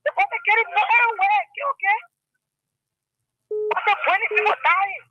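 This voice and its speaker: A man's voice: very high-pitched, fairly even intonation, fairly quick, bright, forceful tone, no room sound. A man calling in to a radio show, speaking with passion and repeating "okay, okay" as he goes. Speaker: caller. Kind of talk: impassioned call-in complaint. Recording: dull phone line.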